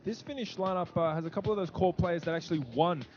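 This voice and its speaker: A man's voice: sits high, fast, a little mellow, dull audio, faint music behind. A man commentating an esports match, chatty and joking with his co-caster. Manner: chatty, jokey banter with co-caster. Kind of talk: casual play-by-play commentary.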